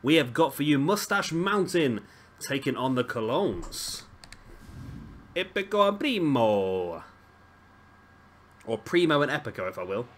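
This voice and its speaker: A man's voice: medium pitch, expressive, normal speed, a little hiss or hum. A man giving casual, rambling commentary over a wrestling video game and often correcting himself. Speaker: gaming commentator.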